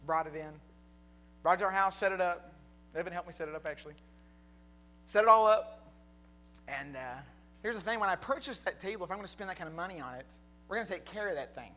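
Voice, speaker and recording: A young man preaching a sermon, telling a personal story that builds to a fervent, shouted close. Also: high voice, fast, pauses often. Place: church hall with congregation.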